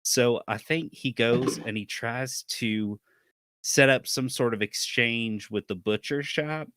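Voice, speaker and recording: A man playing a tabletop game, describing his character's actions in a relaxed, halting way. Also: medium pitch, dry recording, studio quality. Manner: relaxed, halting, thinking aloud. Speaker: player.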